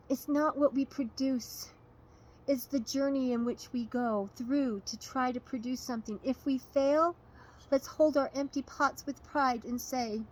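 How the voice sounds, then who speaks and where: A woman storyteller telling a fable with a moral in an expressive, lively way. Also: high-pitched, measured pace, poor audio.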